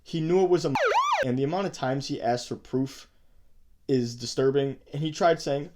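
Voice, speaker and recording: Guy ranting about chats, super disgusted, cursing a lot, normal pitch. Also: brisk, a little mellow. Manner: profane, disgusted, heated. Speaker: host. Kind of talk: angry commentary reading chat logs.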